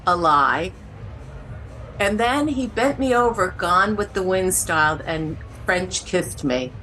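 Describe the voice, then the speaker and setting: A woman on a podcast telling a wry anecdote with quick asides. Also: on the low side, animated, a bit bright, faint music behind. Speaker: interviewed guest telling a story. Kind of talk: casual anecdote.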